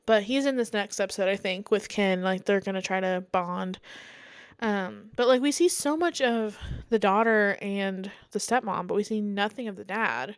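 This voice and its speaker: Young woman, solo podcast host, chatty and rambling, smooth voice a little higher than usual, close and dry mic. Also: normal speed, dry recording. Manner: rambling, frequent "like" and "um", candid opinions. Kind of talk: casual solo chat about reality TV.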